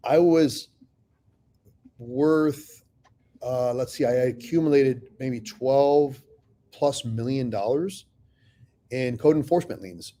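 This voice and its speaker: A man's voice: mid-range voice, takes it slowly, long pauses, mellow. A middle-aged man telling his own business story in a casual, profane way, acting out both sides of past conversations. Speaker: real estate investor telling his story.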